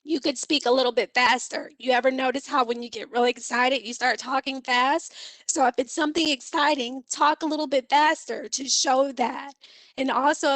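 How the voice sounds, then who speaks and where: A woman teaching an online seminar on speaking skills, her voice pitched high. She explains each point in a clear, instructive way and acts out short vocal examples. The sound is dry and close, picked up by a computer mic on a video call. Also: a bit bright, dry recording, rough recording. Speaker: communication instructor.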